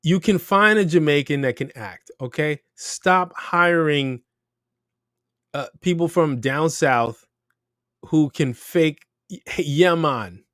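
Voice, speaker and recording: A man hosting a casual talk show, speaking in an animated, emphatic way and swearing freely. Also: fairly high pitch, slow, dry recording, studio quality. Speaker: podcast host. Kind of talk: casual chat.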